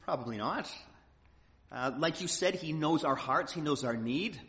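A pastor with a fairly high, somewhat bright and expressive voice preaches at a moderate pace. His sermon is conversational, folksy and earnest, occasionally acting out quotes, and the hall recording sounds muffled.

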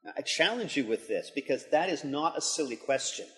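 A man's voice: fairly high pitch, expressive, fairly quick, fairly bright tone. A middle-aged man, a pastor and school leader, giving an earnest devotional talk that builds to emphatic intensity. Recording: long hall reverb.

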